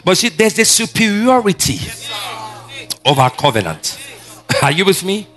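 A man preaching a sermon as a pastor, animated and asking the congregation questions. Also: high-pitched, normal speed, soft background music.

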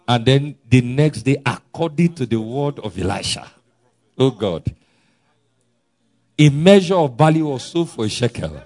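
A male preacher delivering an emphatic sermon. His pitch leaps and drops in lively swings, from ringing loud declarations down to hushed, low asides. He chuckles often between points. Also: a little slow. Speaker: pastor.

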